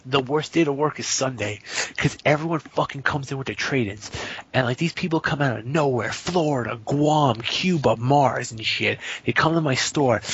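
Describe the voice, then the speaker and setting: A man's voice: mid-range voice, husky, no room sound. A man ranting in casual podcast talk, profane and sarcastic. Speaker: podcast guest. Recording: muffled lo-fi audio.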